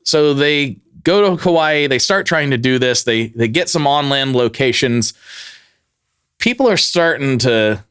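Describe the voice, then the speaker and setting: A man's voice: mid-range voice, expressive, unhurried, a bit bright, clean tone, no echo, clean studio sound. A man co-hosting a podcast, telling a story in casual chat and acting out quotes in jokey voices. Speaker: podcast co-host.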